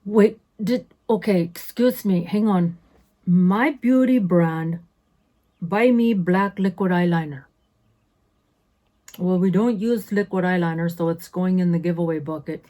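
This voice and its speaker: A woman's voice: fairly low pitch, unhurried, dark tone. A woman in her fifties chatting casually as a beauty vlogger through an unboxing, sassy and full of self-interrupting asides. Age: 50s.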